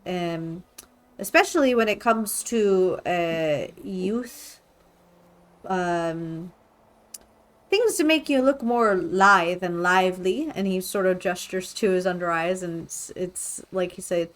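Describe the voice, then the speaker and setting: Brief: woman game master, unhurried, hesitant narration. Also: lowish voice. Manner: hesitant, many ums.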